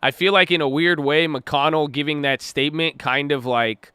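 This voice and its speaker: A man giving casual live commentary on the stock market, excitable and easily startled, joking about conspiracy theories. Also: fairly high pitch, normal speed, clear, resonant tone, no room sound, studio quality. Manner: excitable, jumpy, laughs when startled. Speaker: market livestreamer.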